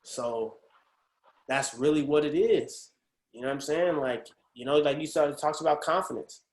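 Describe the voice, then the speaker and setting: A man from the Pacific Northwest of the US, an actor speaking as a guest in a casual webinar interview, animated and slangy. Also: on the high side, moderate pace. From Portland, Oregon, USA. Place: video call. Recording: roomy echo.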